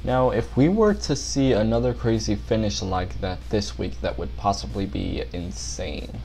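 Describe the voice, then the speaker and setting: A man's voice: on the low side, measured pace, mellow, soft background music. A young man commentating a pretend race, out of breath and tired, rambling and tripping over names.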